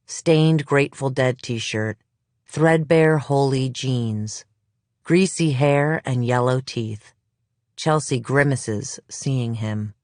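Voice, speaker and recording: An audiobook narrator reading a crime thriller in measured, even storytelling, close to the mic. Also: mid-range voice, no echo. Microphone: close studio mic.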